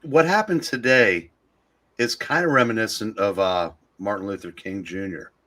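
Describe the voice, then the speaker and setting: A man co-hosting a live stream, speaking in a measured, halting way with frequent restarts. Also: on the low side, sharp tone. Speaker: co-host. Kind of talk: casual live-stream chat.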